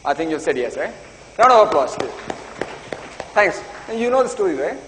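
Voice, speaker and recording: In a reverberant conference hall with faint noise, a man delivers a live talk in a fairly bright, higher-pitched voice with big swings in pitch. He speaks at a moderate pace, eagerly urging the audience on and calling for applause.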